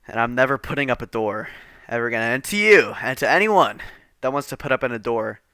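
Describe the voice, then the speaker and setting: Man, bright tense voice, dry close sound, rambling, swearing, casual storytime. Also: medium pitch, sing-song, a little fast, clear, resonant tone, no echo. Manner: rambling, profane, exasperated.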